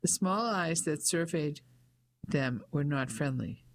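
A narrator reading a novel aloud in an even, measured way. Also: mid-range voice, slight background noise. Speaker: audiobook narrator. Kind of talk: scripted narration.

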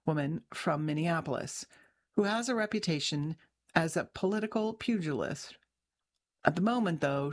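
A woman journalist reading her own article aloud in a measured, even way, with an occasional restart. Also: low-pitched. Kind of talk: scripted narration.

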